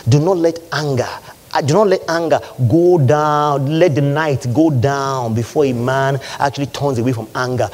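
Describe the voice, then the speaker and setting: Animated high-voiced male preacher. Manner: animated, call-and-response preaching. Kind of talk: sermon.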